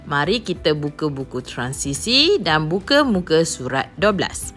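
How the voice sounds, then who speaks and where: A woman with a Malaysian accent teaching a lesson to young children, slowly repeating each instruction in two languages. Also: sits low, sing-song, fairly bright tone, faint music behind. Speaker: primary school teacher.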